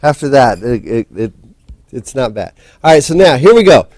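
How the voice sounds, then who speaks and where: A man's voice: medium pitch, very animated, normal speed, a little mellow, no room sound. Rambling male physics lecturer, dry sound. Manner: rambling, restarts often, talks while setting up. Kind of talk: casual classroom lecture. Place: lecture hall.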